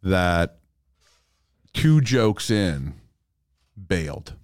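Comic guest, man, deep low voice, dry close sound, relaxed and reflective. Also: very slow, no room sound. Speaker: podcast guest, stand-up comedian. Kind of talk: casual chat.

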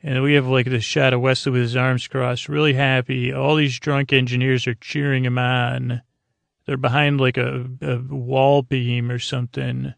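A man with a deeply gravelly, fry-heavy voice recaps an episode in loose podcast chat. He rambles and restarts often. The sound is dry and close. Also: flat delivery, normal speed, no room sound. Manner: rambling, many fillers and restarts. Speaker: podcast host.

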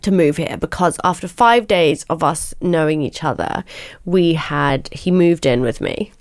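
A young woman telling her own story frankly in a podcast interview, chatty and animated, filling her talk with "like" and the odd swear word. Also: deep voice, measured pace, no echo, clean studio sound. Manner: chatty, animated, peppers speech with "like", swears casually. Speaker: podcast host, guest being interviewed. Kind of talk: candid storytelling.

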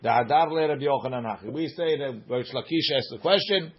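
A man's voice: medium pitch, a little fast, slightly rough, highs cut off. A man teaching a Talmud class, reading the Aramaic in a sing-song study chant and explaining it in English.

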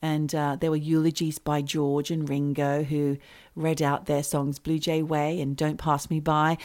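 A woman hosting a comedy podcast, telling a story in an animated, mock-serious way. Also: deep voice, measured pace.

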